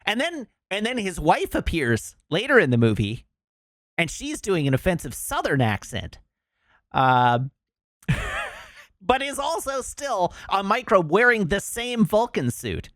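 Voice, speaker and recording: A male streamer chatting casually to his viewers, rambling with plenty of fillers. His pitch swings widely when he stresses his complaints. The sound is dry, with no room echo. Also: huge pitch swings, unhurried, a bit bright. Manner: rambling, lots of "um" and "like", emphatic complaints.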